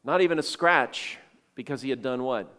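A man's voice: medium pitch, normal speed, a bit bright, big-room sound. A male pastor preaching a sermon, telling the story with feeling and acting out the voices of the people in it.

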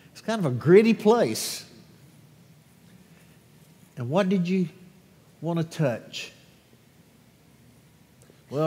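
A pastor reading scripture and then leading a lively children's sermon, questioning the congregation with animated energy. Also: male voice, fairly high pitch. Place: church sanctuary. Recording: long echo of a large church hall.

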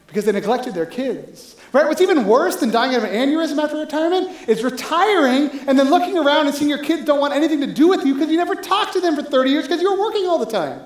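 A pastor preaching a sermon in a relaxed, conversational way, often checking in with the listeners. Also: high voice, reverberant, rough recording.

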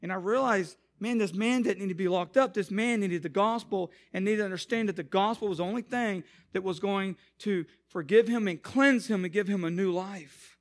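Young male pastor, high voice, storytelling sermon that swells into emphatic preaching. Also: normal speed, hardly any pauses. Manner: conversational, acts out quotes, rises to emphatic preaching.

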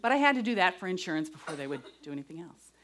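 A woman's voice: lowish voice, big pitch swings, very fast, a little hiss or hum. Earnest woman giving a devotional talk. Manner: earnest, shifts from loud to whispered. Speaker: speaker giving a testimony. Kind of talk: devotional talk with personal story.

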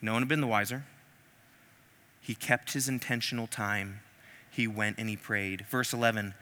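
A male preacher delivering a sermon in a large hall, animated and humorous, slipping into acted-out voices between scripture readings. His tone is very bright and ringing, and a long reverb trails behind him. His pitch sits in the middle range. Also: brisk.

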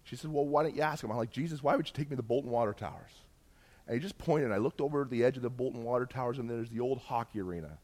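A middle-aged man from Canada, telling a personal testimony as a story and acting out the dialogue with jumps in pitch and loudness. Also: rapid-fire. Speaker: speaker sharing a personal testimony.

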